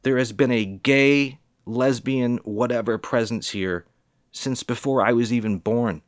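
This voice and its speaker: A man's voice: mid-range voice, steady tone, measured pace, no room sound, studio quality. Profane, heated man in his forties ranting. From New England, USA. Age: 40s. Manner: heated, profane, rambling and repetitive. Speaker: vlogger.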